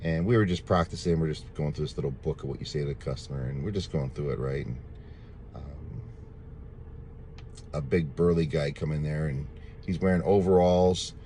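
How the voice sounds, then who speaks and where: A man's voice: very deep voice, moderate pace, warm tone, a little hiss or hum. A man casually telling viewers a rambling, repetitive personal testimony, full of thanks to God. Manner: religious, thankful. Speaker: storyteller sharing a testimony.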